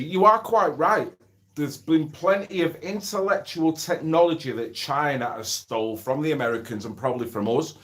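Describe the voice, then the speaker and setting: A middle-aged man talks casually on a home livestream. His voice sits a little high for a man, and he speaks bluntly and swears freely. He reads out and answers viewer comments as he goes. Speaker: livestream host.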